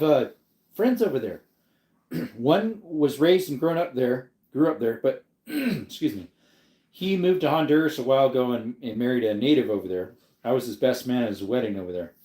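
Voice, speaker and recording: A man hosts a laid-back livestream, drifting from one thing to the next as he replies to his chat. His voice is mellow and relaxed, at an ordinary pitch for a man. The sound comes back off the walls of an echoey room. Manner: rambling, reads chat aloud and answers viewers. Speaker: livestream host. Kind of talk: casual live stream chat.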